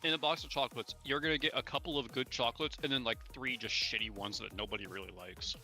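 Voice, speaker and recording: A man's voice: medium pitch, fairly even intonation, fast, sharp tone, soft background music. A man co-hosting a stream, chatting jokily while he eats. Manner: jokey, talks while eating. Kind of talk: casual chat.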